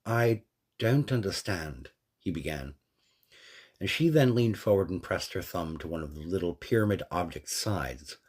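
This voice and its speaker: A man narrating a fan story in a steady, descriptive way. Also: low-pitched, husky.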